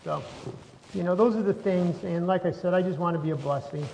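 A man's voice: sits high, a little fast, gravelly, warm tone, a little hiss or hum. A man, a pastor, preaching a conversational sermon while chewing gum, with frequent restarts and rising emphasis. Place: church sanctuary. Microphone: not wearing his lapel mic. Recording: long hall reverb.

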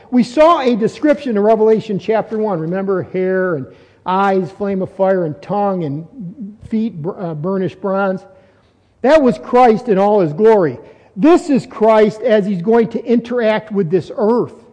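High-voiced preacher in a reverberant hall. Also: male voice, moderate pace, darkish tone. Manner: earnest, repeats phrases for emphasis, rises when stressing points. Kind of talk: expository sermon.

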